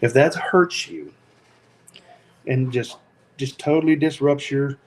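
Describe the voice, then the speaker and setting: A man with a Tennessee accent hosting a casual livestream, talking slowly with lots of ums in an easygoing, joking way. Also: mid-range voice, a little mellow, rough recording. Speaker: FPV drone channel host.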